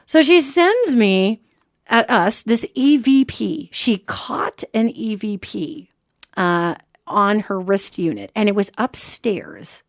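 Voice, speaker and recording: A woman hosting a podcast, giving lively, chatty advice in a casual instructive way. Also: medium pitch, slow pace, dry recording, studio quality. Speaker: podcast host.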